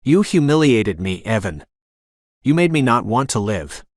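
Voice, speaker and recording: A man's voice: medium pitch, sing-song, normal speed, no room sound, studio quality. A man voicing a young woman confronting the man who bullied her, bitter and hurt.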